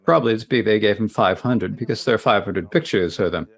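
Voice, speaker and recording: A man's voice: on the low side, brisk, creaky. A man retelling a Buddhist scripture story in a lecture, plain and repetitive, with asides. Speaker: interpreter of a Buddhist teaching.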